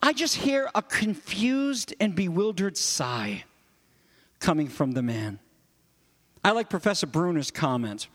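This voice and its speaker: A man's voice: high voice, very animated, unhurried, fairly bright tone. A man preaching a sermon as pastor, earnest and emphatic, explaining a passage with repeated stress. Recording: long hall reverb.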